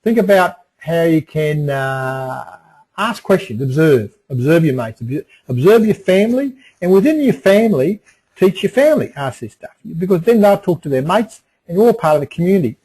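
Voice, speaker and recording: A man's voice: a little high, very animated, moderate pace, darkish tone, slightly rough, low-quality recording. A middle-aged man presenting a webinar in a folksy way, repeating phrases and restarting often. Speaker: webinar presenter on emotional resilience.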